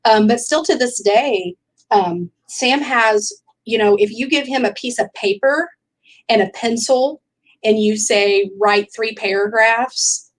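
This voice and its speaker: A woman's voice: fairly high pitch, slow, rough recording. A woman, a mother and teacher, explaining earnestly in a casual video chat.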